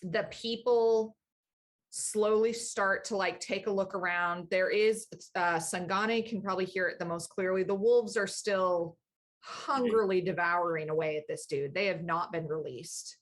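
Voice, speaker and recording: A woman's voice: on the low side, unhurried. A woman narrating a tabletop game as dungeon master in a loose, chatty way with many fillers.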